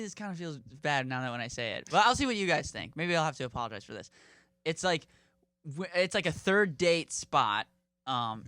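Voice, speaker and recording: Bright-voiced young man, dry sound. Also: mid-range voice, no echo. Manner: rambling, hesitant storytelling. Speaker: podcast co-host. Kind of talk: casual comedy chat.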